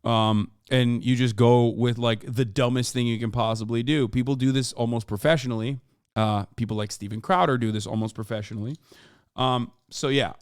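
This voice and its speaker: A man's voice: medium pitch, steady tone, normal speed, clean tone, dry recording. Swearing man in his thirties, dry close mic. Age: 30s. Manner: rambling, swearing, many fillers and restarts, bursts of loud exasperation. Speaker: streamer and political commentator. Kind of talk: casual reaction-stream commentary.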